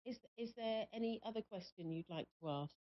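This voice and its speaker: A woman hosting a live call-in psychic reading on the radio, speaking in a halting, searching way with many pauses. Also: fairly high pitch. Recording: muffled lo-fi stream audio.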